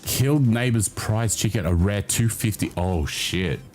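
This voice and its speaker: A man's voice: on the low side, measured pace, darkish tone, faint music behind. A man with an Australian accent hosting a casual livestream chat, reading his chat aloud, swearing freely and laughing often. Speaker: livestream host.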